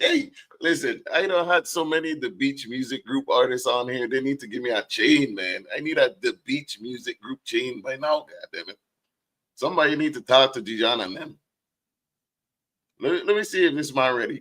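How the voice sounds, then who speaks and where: A man's voice: medium pitch, animated, moderate pace, a bit bright. Joking live stream host, laid-back man. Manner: loose, joking, talks over troubles with his setup. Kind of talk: casual live stream chat. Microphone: headset with headphones.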